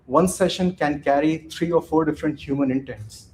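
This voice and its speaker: A man's voice: fairly high pitch, a little fast, a little mellow, a little hiss or hum. A man giving a conference talk from slides, speaking loosely and conversationally, often tagging his points with "right?" and restarting his sentences.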